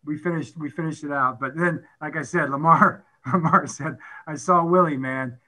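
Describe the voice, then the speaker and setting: Brief: middle-aged man, football coach, lively storyteller who plays out quotes; higher pitch, bright edge. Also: moderate pace, rough recording. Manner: animated storyteller who acts out quotes and laughs often. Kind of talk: storytelling at a conference talk.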